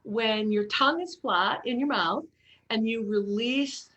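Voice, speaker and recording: A woman's voice: a little high, a little slow, pushed and bright, dull audio. A middle-aged woman voice coach who talks casually and expressively, demonstrating sounds and encouraging the listeners. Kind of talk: casual chat with vocal demos.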